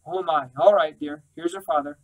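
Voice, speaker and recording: A man voicing a gentle, churchgoing older mother who speaks tenderly and reassures her daughter. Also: fairly high pitch, fairly even intonation, normal speed, dull audio, lightly acted.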